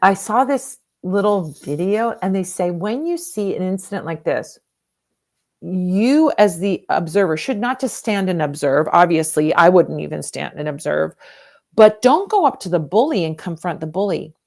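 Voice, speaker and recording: Earnest woman hosting a livestream, gravelly. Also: fairly low pitch, lively intonation, normal speed, darkish tone. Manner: earnest, emotional and repetitive. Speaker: tarot reader hosting a livestream fundraiser. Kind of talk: casual livestream chat.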